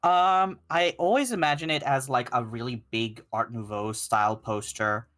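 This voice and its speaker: A man running a tabletop game, describing the scene in an unhurried way and thinking aloud as he goes. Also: medium pitch, fairly bright tone. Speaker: game master.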